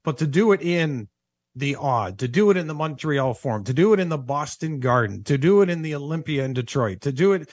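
A man's voice: a little high, animated, fairly quick, a little mellow, no echo, clean studio sound. A man talking in an office as a sports broadcaster, reflecting in a thoughtful, earnest way and repeating himself for emphasis.

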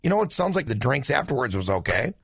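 A man's voice: mid-range voice, very animated, fast, vocal fry, breathy edge, dry recording, clean studio sound. A man co-hosting a radio show, chatty and wry with the callers. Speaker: radio co-host. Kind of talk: morning radio chat.

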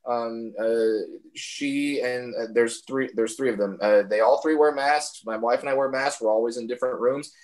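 A man's voice: mid-range voice, moderate pace, hardly any pauses, a little mellow. A male comedian chatting casually on a podcast, rambling and incredulous. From United States.

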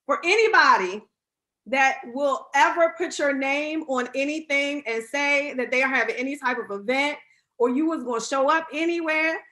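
A woman hosting a casual interview show, bubbly and quick to laugh. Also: high voice, sharp tone. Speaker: host.

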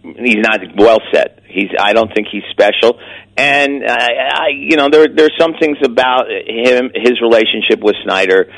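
A man's voice: mid-range voice, measured pace, creaky, a bit bright, rough recording. A man talking as a weekly guest on sports radio, in casual chat that stops and restarts often on repeated words.

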